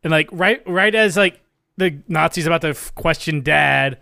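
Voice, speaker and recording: A man's voice: a little high, moderate pace, creaky, bright, forceful tone, clear, resonant tone, dry recording, studio quality. A man co-hosting a podcast, casually chatting about a film and acting out bits of its dialogue. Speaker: podcast co-host. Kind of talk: casual movie-discussion chat.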